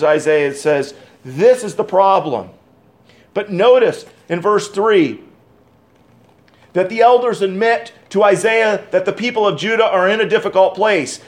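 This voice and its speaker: A man preaching a sermon in a fairly high voice. He moves from loud, emphatic points to quiet, hushed passages, and he reads scripture aloud in old-fashioned wording. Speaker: pastor.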